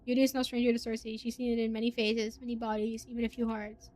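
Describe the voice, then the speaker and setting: A woman streamer reading a visual novel aloud, reacting with giggly, excitable asides. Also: on the high side, fast talker.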